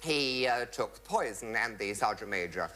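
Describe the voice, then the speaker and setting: Stage raconteur, male, very animated pitch, bright crisp tone, studio audience laughing. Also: normal speed, faint music behind. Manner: theatrical, swooping voices for quoted people. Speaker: comedian telling anecdotes. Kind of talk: stage anecdote before an audience.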